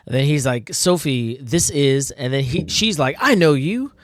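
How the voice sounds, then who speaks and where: Chuckling man with a lively, bouncing voice. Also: medium pitch, moderate pace, hardly any pauses, no echo, clean studio sound. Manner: laughs often, mocks himself, many fillers. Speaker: comic artist reviewing own old work. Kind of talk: casual commentary, reading comic aloud.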